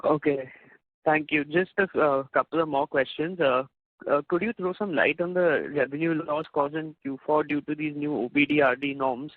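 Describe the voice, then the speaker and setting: Polite analyst on a dry phone line. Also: male voice, a little high, normal speed, dry recording. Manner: polite, brief, hesitant. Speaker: analyst asking questions. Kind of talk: conference call questions.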